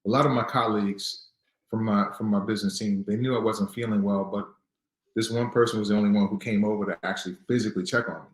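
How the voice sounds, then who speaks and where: A man in his thirties with a fairly low voice tells his personal story earnestly, and he turns defiant when he recalls fighting back. He comes from Newark. The room around him rings with a noticeable echo. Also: fairly even intonation, fast. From Newark, New Jersey. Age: 30s. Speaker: guest.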